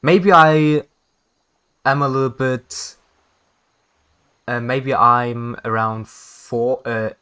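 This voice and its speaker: A man's voice: mid-range voice, fairly even intonation, very slow, pauses often, pushed and bright, clear, resonant tone. A man streaming a video game, chatting casually with viewers, often laughing and correcting himself. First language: German. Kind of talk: casual game stream chat, reading dialogue aloud.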